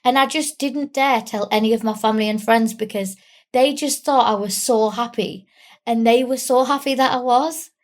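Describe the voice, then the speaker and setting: A young woman from England, tearful, talking candidly and haltingly with small giggles in an interview. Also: a little high. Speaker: guest. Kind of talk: emotional interview.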